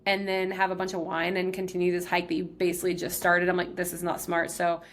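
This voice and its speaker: A woman's voice: fairly low pitch, completely flat delivery, quick pace, a bit bright. A young woman from Texas hosting a podcast, chatting casually as she tells a personal story, filling her sentences with "like". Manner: chatty, heavy use of "like". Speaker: podcast host.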